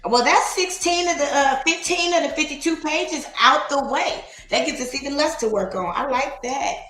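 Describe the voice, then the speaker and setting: Woman host, casual livestream reader, chatty and quick to laugh, roomy echo on the voice. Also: high voice, a bit bright, faint music behind. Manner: chatty, laughs often, reads poetry slowly. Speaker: livestream host reading aloud. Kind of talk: casual livestream reading and chat.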